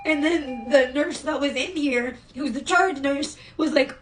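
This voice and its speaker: A woman's voice: high voice, normal speed, hardly any pauses, recorded from a distance, slight background noise, low-quality recording. A woman vlogging from her hospital room, telling an upset story about a nurse. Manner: upset, venting. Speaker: hospital patient. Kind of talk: casual storytime vlog.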